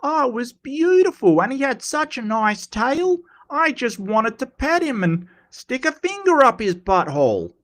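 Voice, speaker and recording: A man putting on the voice of a swooning, gushing admirer, high and breathless. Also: very animated, a little slow, hardly any pauses, fairly bright tone, exaggerated voice.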